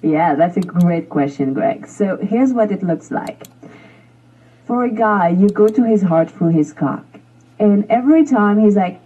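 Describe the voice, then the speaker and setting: A woman with a warm, mellow voice and a husky edge talks frankly and directly. She comes through a dull, muffled remote feed as a guest coach on a talk show. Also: mid-range voice, expressive, measured pace. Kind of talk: explaining tips on a talk show.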